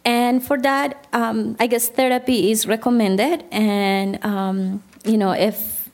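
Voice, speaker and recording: A woman's voice: on the high side, fairly even intonation, takes it slowly, darkish tone. A woman therapist giving a Christian counseling talk to a group, speaking conversationally and often putting questions to her listeners. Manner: conversational, asks the audience questions.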